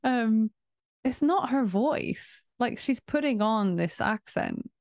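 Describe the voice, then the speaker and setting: A woman's voice: fairly high pitch, animated, slow, a little mellow, no echo, studio quality. A woman co-hosting a podcast, chatting casually, laughing often and answering with short agreements. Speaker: podcast co-host. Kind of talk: casual chat.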